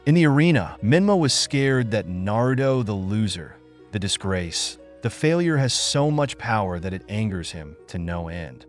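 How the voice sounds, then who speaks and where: A man narrating a fan fiction story in a flat, hurried reading with slips. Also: fairly low pitch, soft background music.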